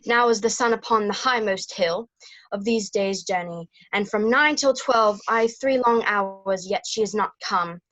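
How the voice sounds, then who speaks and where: A woman's voice: mid-range voice, measured pace, a bit bright, lightly acted, rough recording. A woman acting a young, impatient, lovesick Juliet in an amateur Shakespeare reading, pleading and delivering the verse eagerly over a video call. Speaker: actor in an online Shakespeare reading. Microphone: video call microphone.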